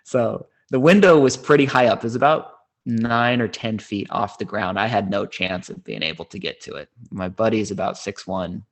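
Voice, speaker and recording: A man's voice: lowish voice, normal speed, few pauses. A man in his thirties, a podcast host, telling a personal story in a rambling, casual way with many fillers and restarts. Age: 30s.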